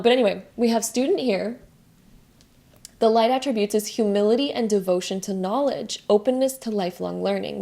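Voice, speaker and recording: Mellow-voiced woman giving a card reading. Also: mid-range voice. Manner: gentle, rambling, many "like" fillers. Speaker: tarot card reader. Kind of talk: casual spiritual card reading.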